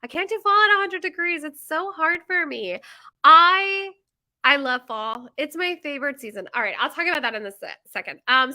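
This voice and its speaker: A woman's voice: high-pitched, bright, forceful tone. A woman in her thirties who runs a bakery, chatting casually to camera with lots of fillers and tangents. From United States. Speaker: bakery owner.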